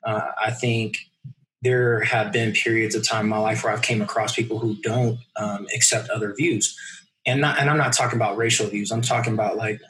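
A man in his thirties, a podcast guest, telling a personal story in a casual, animated way and acting out the people in it. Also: fairly low pitch, fairly quick. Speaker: podcast guest, mountain runner.

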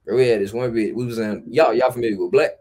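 A man's voice: mid-range voice, quick pace, a little mellow. A man chatting as a podcast guest, telling loose, profane stories in a laid-back way. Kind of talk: casual storytelling chat.

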